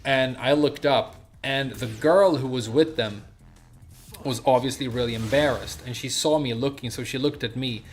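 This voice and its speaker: A young man streaming a game and telling a story in a relaxed, rambling way, full of fillers. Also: medium pitch, moderate pace. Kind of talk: casual storytelling while gaming.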